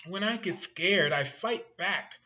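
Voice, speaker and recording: A man's voice: high-pitched, takes it slowly, sharp tone, dull audio, pitched above the performer's own voice, full character voice. A man voicing a friendly but easily scared male skunk in a picture-book reading, cheerful and warning.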